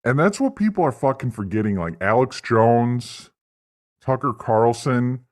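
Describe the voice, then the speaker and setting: Male stream host, slow-paced and mid-pitched, with a rambling, profane, mock-earnest rant delivery. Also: animated. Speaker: livestream host. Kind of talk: satirical political stream rant.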